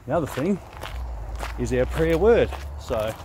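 An Australian man, a host and spiritual director, teaching prayer walking in a relaxed, conversational way while walking in the bush, slightly short of breath. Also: mid-range voice, a little slow. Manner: relaxed, conversational, often asks "right?". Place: outdoors in bushland on a walking track. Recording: faint outdoor noise.

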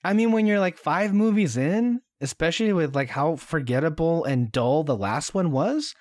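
A man rambles through a casual podcast chat, leaning on ums and likes. His voice sits fairly high and swings widely in pitch. The sound is dry and close. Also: lively intonation, moderate pace, hardly any pauses, a little mellow, dry recording. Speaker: podcast co-host sharing his movie list.

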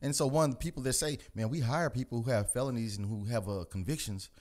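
Male host in his own rant, animated and profane, mid-pitched, from the US. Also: fast. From United States. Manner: animated and profane, mimics people in higher voices. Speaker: host of a commentary channel.

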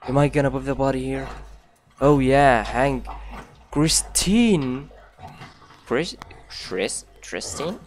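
A man's voice: medium pitch, takes it slowly, pauses often. Man narrating a horror game aloud. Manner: swears, talks to himself, thinks aloud. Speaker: gameplay commentator. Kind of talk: let's play commentary.

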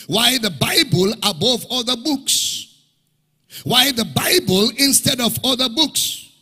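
A man's voice: very high voice, animated, slow pace, sharp tone, slightly rough. A man preaching a sermon, firing repeated rhetorical questions in a sing-song cadence. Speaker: pastor. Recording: large hall reverb, faint music behind.

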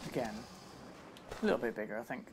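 A man's voice: mid-range voice, sing-song, fast talker, background noise. A man giving chatty, self-mocking live commentary while he plays a video game and talks to his viewers. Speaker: streamer playing a game. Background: game music.

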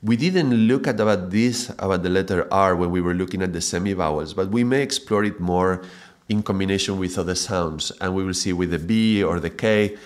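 In this video lesson, a male yoga and mantra teacher talks fairly quickly in a low-pitched voice. He is reflective and thoughtful overall, with sporadic bursts of excited laughter.

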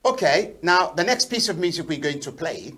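A man hosting a talk show, speaking in a measured, polite way as he questions a guest and introduces music. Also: a little high, animated, a bit bright, a little hiss or hum. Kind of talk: formal interview hosting.

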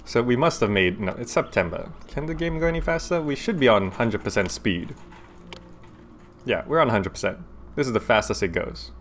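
A man casually commenting as he plays a city-building game, chatty and quick to laugh, recorded on a desk microphone at home. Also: medium pitch, animated, a bit bright, slight background noise. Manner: chatty, laughs often, talks through his thoughts aloud. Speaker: gaming YouTuber. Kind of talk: casual let's-play commentary.

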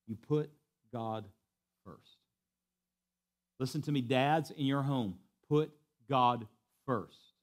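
A man preaching in a church at a mid-range pitch, driving points home by repeating them. He drops low and quiet, then climbs into loud, excited bursts. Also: takes it slowly, pauses often. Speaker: pastor. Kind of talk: sermon. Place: church sanctuary.

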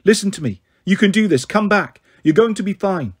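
A man's voice: high-pitched, lively intonation, fairly quick, slightly rough. A man voicing an earnest teenage heroine. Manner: earnest, pleading, firm.

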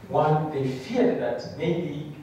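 A man's voice: on the high side, drawn-out words, dark tone, slight background noise. A man giving an earnest testimony sermon, moving from storytelling into fervent call-and-response preaching. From Rwanda. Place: church hall. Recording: echoey church hall, voice from far off.

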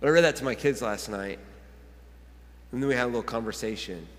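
A man's voice: mid-range voice, fast. A man preaching a sermon as a pastor, reading a children's book aloud in a conversational way and repeating phrases. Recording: long church hall reverb.

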